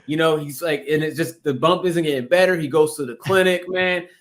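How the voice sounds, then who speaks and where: Male podcast co-host, slightly raised pitch, loose profane storyteller who stumbles and repeats words. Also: a little fast. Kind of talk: comedic improvised storytelling.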